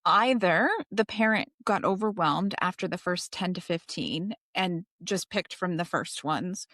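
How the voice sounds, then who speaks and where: A woman's voice: on the low side, measured pace, a bit bright, dry recording, clean studio sound. Frank woman podcast co-host. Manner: frank, conversational, lots of "like" and "I mean". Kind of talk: casual chat.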